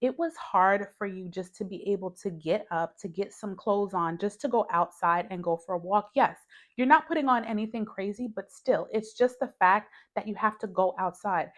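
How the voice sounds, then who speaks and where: A woman's voice: mid-range voice, normal speed. A young woman at home, talking candidly to camera as a new mother, giving advice in a casual, conversational way and calling the viewer "girl". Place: her home, TV in front of her.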